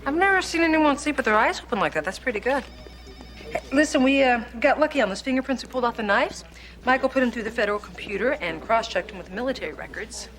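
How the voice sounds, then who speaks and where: A woman playing a relaxed female detective. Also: fairly high pitch, fast, close to an everyday voice, low-quality recording. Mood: casual. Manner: casual, friendly, briefing. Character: female police detective, easygoing and direct. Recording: TV drama audio with loud music.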